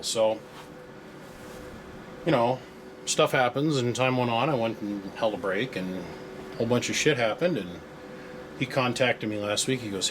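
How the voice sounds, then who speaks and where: A man's voice: medium pitch, lively intonation, normal speed, pauses often, fairly bright tone, slight background noise. A man who runs a repair shop, telling a story in a casual, folksy way with slang in his workshop. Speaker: amplifier repair shop owner. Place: workshop with shelving units.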